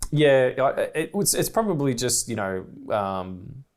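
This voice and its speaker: Male podcast co-host from Australia, talks fast and manically, casual, sweary film-commentary rambler. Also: mid-range voice. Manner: rambling, excitable, swears freely, laughs often.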